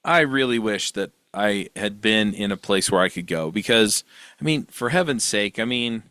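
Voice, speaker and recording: A man's voice: on the low side, moderate pace, sharp tone, no echo. A man in casual podcast chat, mostly giving short agreeing replies. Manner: short agreeing backchannel remarks. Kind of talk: casual chat, brief responses.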